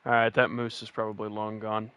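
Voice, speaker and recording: Streaming a hunting game, this man from West Virginia keeps up joking, rambling commentary full of restarts, in a West Virginian accent. His voice sits on the low side, brisk and a bit bright, with a clean tone but completely flat delivery on a lo-fi recording.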